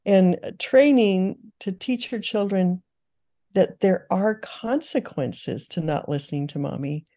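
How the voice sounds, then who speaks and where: A woman's voice: medium pitch, slow, mellow. An older woman, a guest author, giving earnest, teaching answers in an interview, with frequent restarts.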